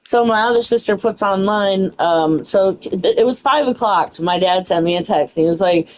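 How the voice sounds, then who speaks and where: A woman's voice: medium pitch, normal speed, low-quality recording. A young woman telling a story in a casual, frustrated way, swearing freely and saying "you know" a lot. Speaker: streamer.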